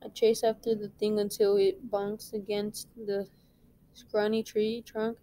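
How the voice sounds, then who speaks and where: A woman, a reading teacher, reading a novel aloud in a plain, unhurried way with small slips. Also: mid-range voice, little pitch movement, mellow, rough recording.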